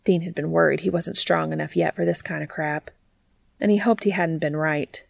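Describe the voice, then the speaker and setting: A woman reading fiction aloud as a narrator, in a steady, even way. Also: sits low, normal speed, creaky, no room sound. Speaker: audiobook reader.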